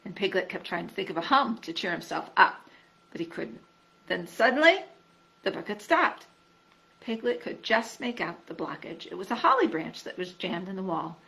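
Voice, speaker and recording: A woman reading a children's storybook aloud in an expressive storytelling manner. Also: medium pitch, normal speed, creaky, low-quality recording. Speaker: storybook reader.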